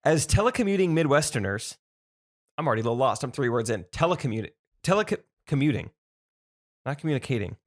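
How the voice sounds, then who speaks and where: A man's voice: medium pitch, big pitch swings, fast. A man co-hosting a podcast in casual chat, playful and laughing often, reading listener mail with asides. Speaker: podcast co-host.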